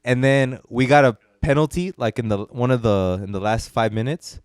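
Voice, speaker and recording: A man co-hosting a casual podcast, telling a story in a laid-back way and quoting others in low asides. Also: moderate pace, smooth, no echo, clean studio sound. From United States. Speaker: podcast co-host. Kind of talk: casual chat.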